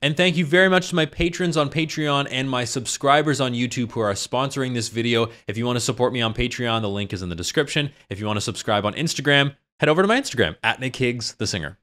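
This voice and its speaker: A man's voice: medium pitch, a bit bright. A man in his thirties, a singer, explaining a choral piece in casual commentary and sometimes singing short phrases to show a point. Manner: enthusiastic, explains slowly and sings short phrases to demonstrate. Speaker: singer reacting to a choral performance.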